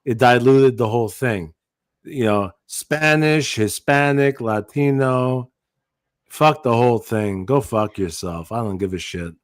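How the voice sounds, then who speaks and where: A man's voice: medium pitch, a little slow, no room sound, clean studio sound. A man co-hosting a podcast, talking bluntly and with lots of swearing, with a lyrical bounce in his voice. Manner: blunt, profane, rambling. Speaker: podcast co-host. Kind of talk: casual podcast banter.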